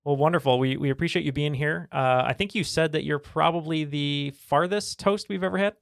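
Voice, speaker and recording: A man hosting a podcast in a chatty, upbeat tone, filling his pauses with "uh". His voice has a noticeable vocal fry. The sound is dry and close, with no room around it. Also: fairly high pitch, dry recording. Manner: chatty, filler-heavy, upbeat. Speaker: podcast host. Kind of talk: casual podcast chat.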